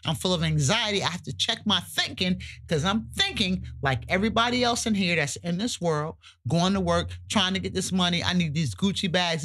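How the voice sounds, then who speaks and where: A woman co-hosting a podcast, talking emphatically and colloquially, sometimes cussing, her pitch jumping high when she gets worked up. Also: animated, fairly quick, few pauses, fairly bright tone. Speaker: podcast co-host. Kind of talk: casual podcast chat.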